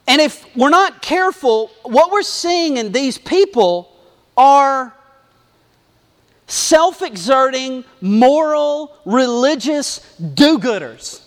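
A man preaching a sermon in a lively, conversational way, acting out asides as he reads scripture. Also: very high voice, in a large hall. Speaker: pastor.

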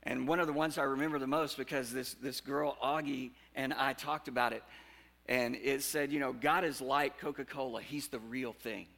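Male preacher, gravelly edge and bright tone, chatty sermon that jumps from loud and animated to hushed and earnest. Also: medium pitch, normal speed. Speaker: pastor.

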